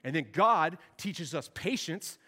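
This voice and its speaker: High-voiced joking youth pastor in a hall. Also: male voice, animated, takes it slowly, pushed and bright. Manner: joking, storytelling, acts out dialogue. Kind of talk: sermon.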